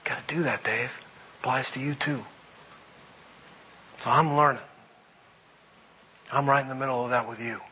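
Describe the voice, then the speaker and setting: A middle-aged man preaching a sermon, animated, moving between loud emphasis and quiet reflection. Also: medium pitch, moderate pace, long pauses, slight background noise, poor audio. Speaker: pastor.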